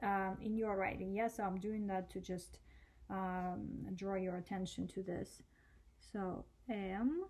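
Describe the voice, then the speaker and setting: A woman's voice: mid-range voice, darkish tone. A woman teaching cursive letters, spelling them out patiently and checking in with short questions. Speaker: Russian language teacher. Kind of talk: slow step-by-step handwriting lesson.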